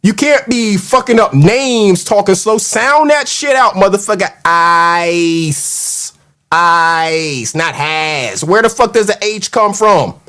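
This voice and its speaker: A man's voice: high-pitched, lively intonation, normal speed, hardly any pauses, fairly bright tone. A man hosting a casual livestream, ranting in a mocking, profane, heated way and reacting to the live chat. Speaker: show host.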